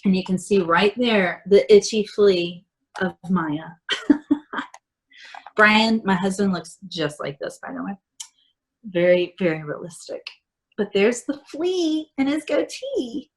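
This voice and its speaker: A woman reading a picture book aloud to children, chatty and animated, often laughing. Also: medium pitch, slow pace, low-quality recording. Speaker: storybook reader.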